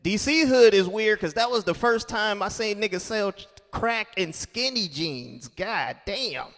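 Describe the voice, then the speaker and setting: A man's voice: sits high, unhurried, in a large hall. A man doing a stand-up comedy set, telling stories and acting out characters. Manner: animated storytelling, acts out characters. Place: comedy club stage.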